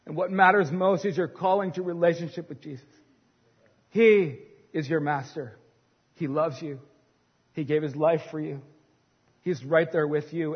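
Middle-aged male pastor, high voice, dynamic sermon delivery, dull lo-fi recording. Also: breathy edge. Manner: dynamic preaching, swinging from hushed to loud. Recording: long hall reverb, dull sound.

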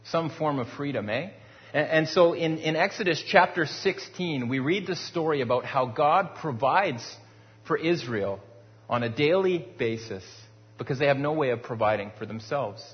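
A man's voice: fairly high pitch, expressive, moderate pace. Man preaching in a reverberant hall. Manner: conversational preaching with rhetorical questions and repeated words. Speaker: pastor. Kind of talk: sermon. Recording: dull sound with long hall reverb.

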